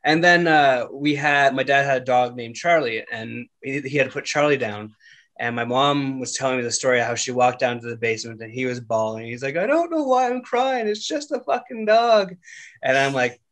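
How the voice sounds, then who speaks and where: A man's voice: mid-range voice, steady tone, fairly quick, fairly bright tone. A man hosting a casual chat show, talking loosely with lots of fillers and laughs. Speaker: podcast host.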